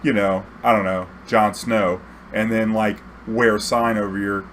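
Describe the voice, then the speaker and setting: A young man with a lowish voice tells a loose, profane story, stringing it together with fillers and acting out what people said. A faint hum sits under the recording. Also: level tone, measured pace, fairly bright tone. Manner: rambling, profane, full of fillers and acted-out quotes. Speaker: YouTube storyteller. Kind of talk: casual storytelling monologue.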